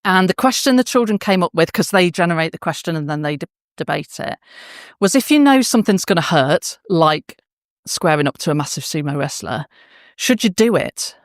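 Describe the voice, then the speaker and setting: This conference speaker has a lowish, animated voice and talks at a moderate pace to an audience of teachers in a conference hall. Her emotional classroom anecdotes come with frequent fillers and restarts, captured in clean studio sound with no echo.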